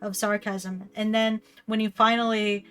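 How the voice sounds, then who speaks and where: A woman's voice: medium pitch, a little slow, clean tone. A woman co-hosting a casual stream, telling anecdotes animatedly with frequent laughter. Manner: laughs often, animated when retelling. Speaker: co-host. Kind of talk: casual storytelling chat.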